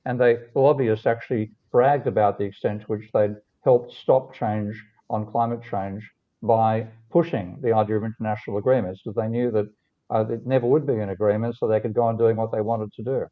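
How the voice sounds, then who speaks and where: A male livestream host speaking earnestly over a video call, halting and restarting often. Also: fairly low pitch, steady tone. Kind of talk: livestream discussion. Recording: tinny phone-like call audio.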